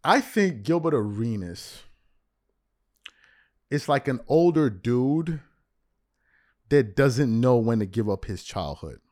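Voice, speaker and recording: A man in his forties hosting a solo sports podcast, talking straight to the mic with animated, mocking rants. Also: on the low side, no echo, studio quality. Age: 40s. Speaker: podcast host.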